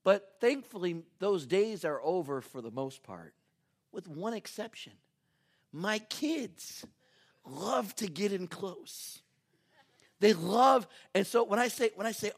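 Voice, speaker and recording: A male pastor preaching a sermon full of personal stories. He tells them with animated energy, sometimes shouting and laughing, then drops low and quiet to pray. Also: slow pace, vocal fry.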